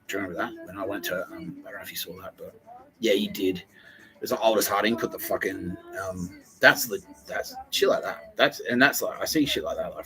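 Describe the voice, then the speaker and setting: A man in casual podcast chat, rambling and earnest, with many fillers, often dropping to a hushed mutter. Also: fairly low pitch, low-quality recording. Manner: rambling, meandering, heavy on fillers.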